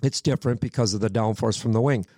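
Animated male racer telling stories, dry studio. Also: medium pitch, quick pace, no echo. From Minnesota, USA. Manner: animated storyteller, swears freely. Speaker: sprint car driver, podcast guest. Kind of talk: casual storytelling chat.

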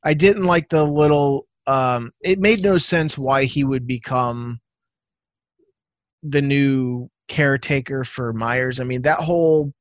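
Male podcast host, lively anecdotes, dry dull home-mic sound. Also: medium pitch, slow, dry recording. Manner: animated storyteller, acts out quotes. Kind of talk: casual chat.

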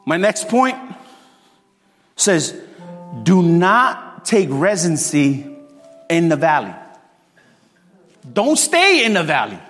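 High-pitched guy preaching, excitable, some shouting, echoey hall w faint music. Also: slow, long pauses. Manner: animated storytelling, preaching with bursts of shouting. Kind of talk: sermon.

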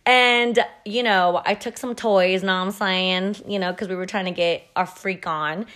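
Chatty and profane, this podcast host tells a casual story, leaning heavily on "like". She has a mid-range, fairly bright voice with a steady tone at normal speed.

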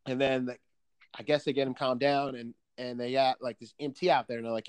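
A man in a loose, animated conversational style, piling on clauses and restarting sentences as he goes, with casual swearing throughout. His voice sits at an ordinary middle pitch for a man. The sound is dry and close, with no room echo. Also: normal speed. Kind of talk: casual chat, storytelling.

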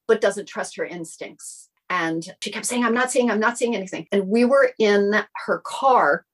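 A middle-aged woman shares a personal story in a relaxed interview. Her voice is a little husky and sits in a middle pitch, and she tells it in an animated way, acting out the other people's lines. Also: low-quality recording. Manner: animated, acts out quoted dialogue. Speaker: guest sharing a personal story.

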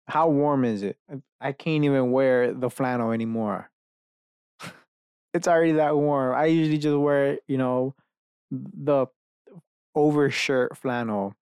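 A man's voice: mid-range voice, a little mellow, clear, resonant tone, no echo, clean studio sound. A man hosting a podcast alone in his bedroom, rambling from one idea to the next with lots of profanity and self-mocking asides. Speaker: podcast host. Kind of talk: rambling solo rant.

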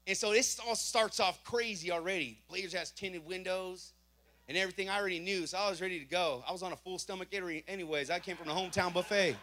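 A man giving a spoken testimony to a congregation, telling an animated story and acting out the dialogue himself. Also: high-pitched, quick pace. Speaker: church member giving testimony.

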